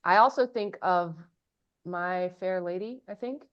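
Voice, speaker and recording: A woman from Mississippi hosting a casual interview, animated as she tells stories and acts out what people said. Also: fairly low pitch, measured pace, clear, resonant tone, no echo. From Mississippi, United States. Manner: animated storyteller, quotes people in lively voices. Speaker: host. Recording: dull lo-fi sound.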